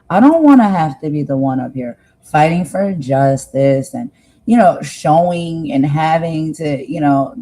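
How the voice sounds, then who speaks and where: A woman's voice: deep voice, warm tone, low-quality recording. A woman from the United States hosting a livestream, talking to viewers in an earnest, heartfelt monologue and often repeating herself for emphasis. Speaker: livestream host.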